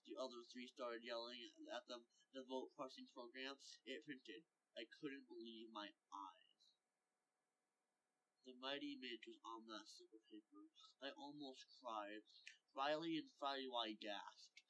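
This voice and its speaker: A male storyteller with a bright, forward tone reads a homemade story aloud. He stumbles and restarts here and there, and he pitches up when a character speaks. His voice sits at an ordinary middle height for a man. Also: poor audio. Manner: halting, stumbling over words; lifts his voice for characters' lines.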